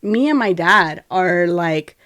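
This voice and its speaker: Slow-paced and with a lowish voice, this podcast co-host, a young woman, recounts something from her own life in a relaxed conversation on a dry recording. She's animated, acting out quotes and working Spanish words into her speech.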